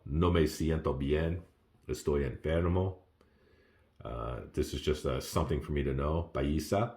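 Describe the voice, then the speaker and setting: A man casually walking through his beginner study notes, who laughs often and jumps up in pitch on exclamations. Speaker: language learner sharing study notes. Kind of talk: casual self-recorded lesson.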